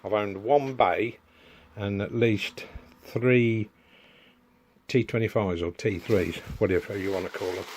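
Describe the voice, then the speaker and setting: A man's voice: fairly low pitch, unhurried, darkish tone, slight background noise. A middle-aged man, chatting casually in a home workshop vlog and going off on homely asides. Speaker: DIY vlogger.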